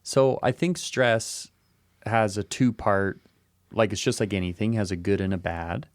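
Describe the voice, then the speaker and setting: A podcast co-host muses through an idea in casual, reflective chat, repeating short phrases as he works it out. His voice is on the low side and measured, with a dry, clean studio sound.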